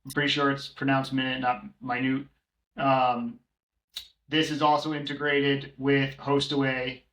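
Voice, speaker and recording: A man's voice: mid-range voice, level tone, measured pace, a bit bright. Casual man with roomy echo. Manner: rambling, many filler ums, listing prices. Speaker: co-host, short-term rental manager. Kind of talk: casual podcast chat.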